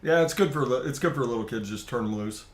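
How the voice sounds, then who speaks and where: A man's voice: mid-range voice, fast. A man in casual chat who rambles, repeats words and swears, recorded in an echoey room.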